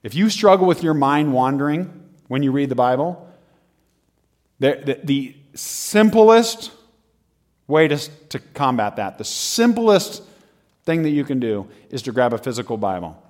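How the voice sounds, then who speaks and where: A man preaching in an animated, conversational style, often laughing between his points. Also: mid-range voice, a little slow. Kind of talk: humorous sermon.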